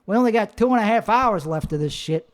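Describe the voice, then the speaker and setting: A man's voice: high-pitched, expressive, fairly quick, in a large hall. A man working out comedy bits in a home studio, rambling and swearing freely in a put-on accent while criticizing his own jokes. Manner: profane, rambling, self-critical. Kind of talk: rambling solo monologue.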